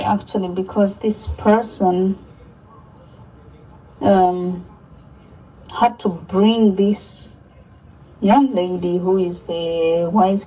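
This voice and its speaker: Hesitant woman caller, slow delivery, husky tone, heard from far off on a dull line. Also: on the low side, warm tone.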